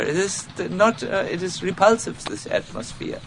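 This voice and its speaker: A man lectures in with a high, very lively voice and a gravelly edge. He talks haltingly, full of fillers and restarts, and pokes fun at himself. A faint hiss sits behind him. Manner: halting, many fillers and restarts, self-mocking. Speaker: spiritual teacher giving a talk. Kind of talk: informal spiritual lecture.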